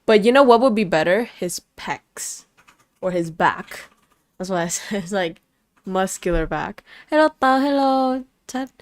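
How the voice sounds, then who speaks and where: With a mid-range voice, lively intonation and a slightly slow delivery, this young vtuber plays a game on stream with no echo in the audio. She talks chattily with her viewers, greets them playfully, switches between languages, and reads the story text out loud.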